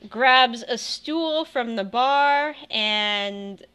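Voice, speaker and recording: A woman's voice: fairly high pitch, extremely slow, sharp tone, clean tone, lo-fi sound. A young woman narrating a tabletop game as game master, chatty and laughing, with many restarts.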